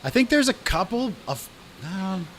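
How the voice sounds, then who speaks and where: A man hosting a casual podcast in a restaurant, talking in a relaxed, enthusiastic way and often repeating words as he stammers. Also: sits high, unhurried, slight background noise. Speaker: podcast host. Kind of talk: casual chat.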